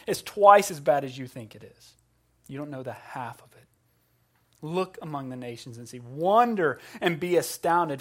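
A man preaching a sermon with humorous asides, swinging between hushed, quiet passages and loud, emphatic ones. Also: fairly high pitch. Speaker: pastor.

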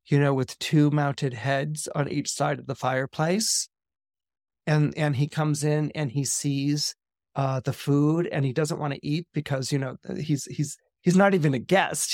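Animated man retelling a film story. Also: fairly high pitch, dry recording, clean studio sound. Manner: animated, many fillers and restarts, acts out quotes. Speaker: astrologer.

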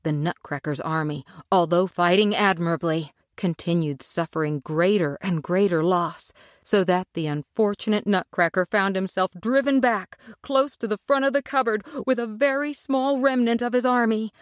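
A woman narrating a children's story aloud with expressive, dramatic delivery. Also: medium pitch, moderate pace, no room sound, clean studio sound. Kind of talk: storybook reading.

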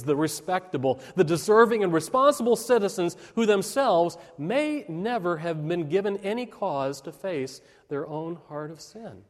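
Pastor, male, high voice, earnest sermon delivery, long hall reverb. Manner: earnest preaching with emphatic rises and slowed, dropping phrases.

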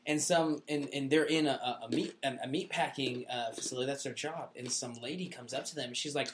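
A man's voice: mid-range voice, fairly even intonation, quick pace, hardly any pauses, a little hiss or hum. A young man co-hosting a podcast, chatting casually and telling stories loosely with lots of fillers and "dude.". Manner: laid-back, filler-heavy storytelling with lots of "dude" and "like". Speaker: podcast co-host. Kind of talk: casual chat.

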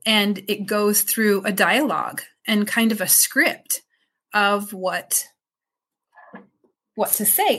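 A woman, a child mental health consultant, answering interview questions in a slow, gentle, explaining manner, softly modeling phrases for parents. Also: medium pitch.

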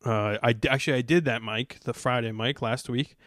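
A man's voice: mid-range voice, brisk, fairly bright tone, no echo, clean studio sound. A man hosting a podcast, telling a story in a laid-back, rambling way. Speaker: podcast host. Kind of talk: casual storytelling chat.

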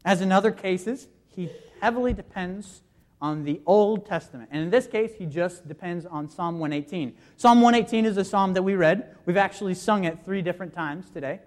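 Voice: mid-range voice, moderate pace, darkish tone. Preacher explaining scripture with rhetorical questions. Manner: guides listeners through scripture references. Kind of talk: sermon.

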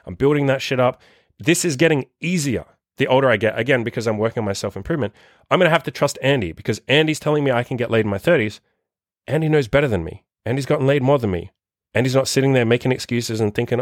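A man's voice: mid-range voice, fast, no room sound, studio quality. A man in his thirties hosting a dating-coach podcast, giving a blunt, profane motivational rant. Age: 30s. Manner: profane, forceful, rambling.

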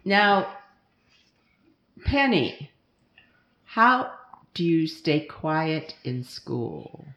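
A woman's voice: low-pitched, very animated, very slow, long pauses, a bit bright, highs cut off. A woman interviewing children with playful questions and frequent laughter, speaking into a microphone. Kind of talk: casual question-and-answer with kids. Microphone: studio microphone. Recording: roomy echoey room.

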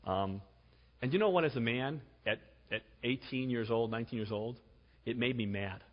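A man's voice: mid-range voice, normal speed. Conversational preacher man in a reverberant hall. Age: 40s. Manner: conversational, jokey, repeats "right?". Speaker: pastor. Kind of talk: sermon. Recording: dull sound with long hall reverb.

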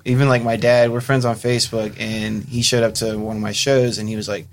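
A man's voice: fairly low pitch, flat delivery, brisk. A man guest in a studio, chatting in a laid-back, amused way. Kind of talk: casual chat.

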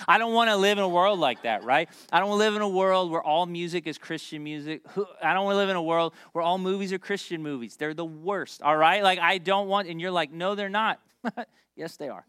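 A pastor from Memphis preaching a conversational sermon, joking and talking straight to the congregation. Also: male voice, a little high, bright, forceful tone, clean tone, no room sound, studio quality. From Memphis, United States. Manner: conversational and joking, with asides to the crowd.

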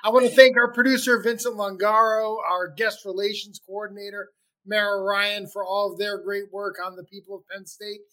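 A man's voice: sits high, level tone, moderate pace, bright, forceful tone, rough recording. A man hosting a podcast, asking interview questions and delivering an enthusiastic sign-off. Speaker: podcast host.

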